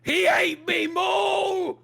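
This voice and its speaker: A man voicing an angry, hot-tempered male ship guard who shouts accusations. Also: extremely high pitch, steady tone, drawn-out words, vocal fry, pitched above the performer's own voice, full character voice. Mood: indignant.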